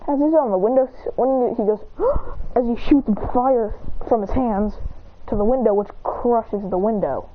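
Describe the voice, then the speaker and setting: A woman's voice: fairly high pitch, normal speed. A woman casually retelling a fan-made story, rambling and stringing lines together with "he goes". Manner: rambling, piles up "he goes" narration. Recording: tinny phone-like line with faint noise.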